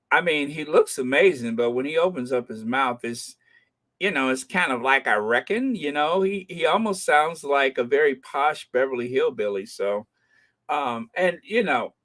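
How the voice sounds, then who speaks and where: A man's voice: mid-range voice, a bit bright. A middle-aged American man hosting a royal news channel, chatting in a rambling, joking way with many fillers. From United States. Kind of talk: casual commentary.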